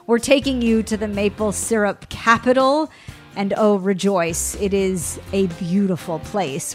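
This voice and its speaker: A woman's voice: mid-range voice, measured pace, soft background music. A woman hosting a radio food show, talking in an effusive, gushing way.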